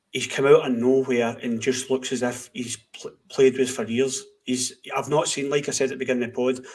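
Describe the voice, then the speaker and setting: A man co-hosting a football podcast, chatting casually and steadily about his club. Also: medium pitch. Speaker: podcast co-host.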